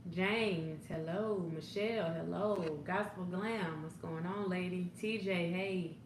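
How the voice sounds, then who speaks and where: A woman's voice: lowish voice, slow pace. A woman life coach hosting a casual livestream, greeting viewers by name in a laid-back way with frequent ums and laughs. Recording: echoey room, faint background noise.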